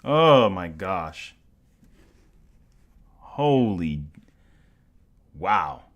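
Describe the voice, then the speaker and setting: Excitable young man streaming, lively pitch. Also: extremely slow, highs cut off. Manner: excitable, stammering, exclamatory. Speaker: livestreamer. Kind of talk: live stream reaction chat.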